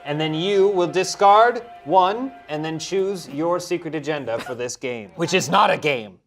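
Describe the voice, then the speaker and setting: A man's voice: a little high, a little slow, fairly bright tone, soft background music. A man voicing a pompous male council leader in tabletop role-play, speaking in formal, archaic phrases. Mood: stately.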